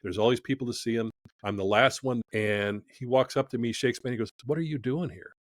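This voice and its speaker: A man in his studio tells a story as a podcast guest, bringing it to life by acting out the voices of the people in it. His pitch sits in a middle range. The sound is dry and close, with no room echo. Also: fairly quick. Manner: animated storyteller acting out quoted dialogue. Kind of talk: storytelling in conversation.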